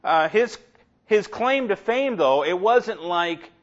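A middle-aged man preacher giving a conversational sermon, humorous and animated, with many asides. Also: sits high, slow, highs cut off.

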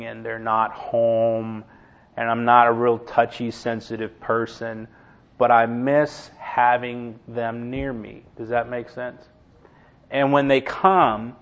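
A man in his sixties preaching a sermon, telling everyday stories with humorous asides. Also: medium pitch. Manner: conversational storytelling with humorous asides. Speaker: pastor. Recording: dull lo-fi recording.

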